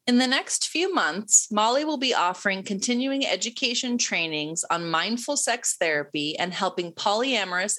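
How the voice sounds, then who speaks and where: A woman's voice: on the low side, pushed and bright. A woman co-hosting a podcast, reading a guest introduction with enthusiasm. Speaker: podcast co-host. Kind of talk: read introduction, then casual chat.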